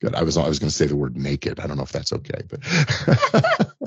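Very deep husky-voiced man. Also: flat delivery, racing, darkish tone, dry recording, muffled recording. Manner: thoughtful, restarts phrases, explanatory. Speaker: entertainment lawyer guest. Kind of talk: conversational interview answers.

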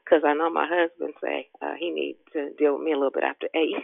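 A woman's voice: deep voice, steady tone, a little fast, creaky, dry recording. A woman, hosting a devotional prayer call in an exuberant, folksy way and laughing often. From Richmond, Virginia. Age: 50s. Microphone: phone. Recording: tinny phone line, dry.

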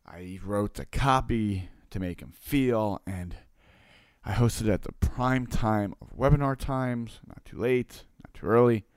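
Man, lowish voice, casual storytelling, animated, acts out dialogue, keeps asking "right?", dry close sound. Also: measured pace, clean tone, no room sound. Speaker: coach and online marketer.

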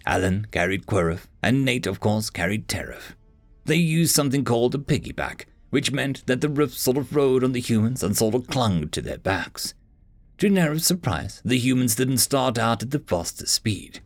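Male storyteller with a lively, gravelly read and no room sound. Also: medium pitch, moderate pace, no room sound, soft background music. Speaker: narrator. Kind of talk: audiobook narration.

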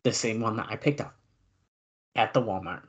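A male podcast co-host in casual chat, reading out old news notes and adding quick asides. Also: lowish voice.

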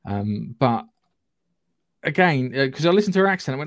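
A man from Surrey with a southern English accent, co-hosting a casual podcast chat about films, animated, sweary and acting out scenes. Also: mid-range voice, fairly quick, long pauses, no room sound. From England, Surrey area. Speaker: podcast co-host.

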